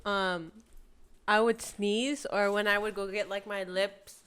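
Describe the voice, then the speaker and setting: A woman's voice: medium pitch, fairly even intonation, unhurried, a bit bright, clean tone. A young woman co-hosting a podcast, chatting casually and laughing often. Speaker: podcast co-host. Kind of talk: casual chat.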